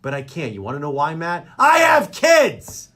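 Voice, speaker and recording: Male radio comedy host, bright tense tone, wildly swinging pitch, rants with exasperated energy. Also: normal speed. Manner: animated, exasperated ranting. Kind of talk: comedic rant. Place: radio studio.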